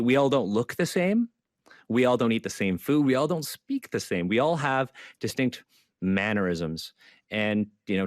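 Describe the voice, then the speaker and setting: In a clean studio recording with no room sound, a medium-pitched man takes part earnestly in an online panel discussion. This panelist, who makes zines, circles back over his main points with frequent fillers.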